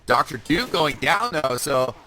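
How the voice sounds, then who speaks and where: A man's voice: fairly high pitch, very animated, unhurried. A man giving live analysis of an online game match over a headset, chatty and laughing often, with many fillers. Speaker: esports co-caster. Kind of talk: live color commentary.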